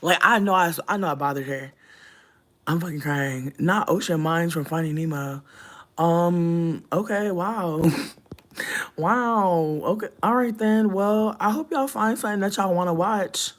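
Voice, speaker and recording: A young adult livestreamer chatting casually with viewers, telling profane stories with sudden loud, high outbursts and soft, near-whispered asides. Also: unhurried. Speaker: livestreamer reading chat.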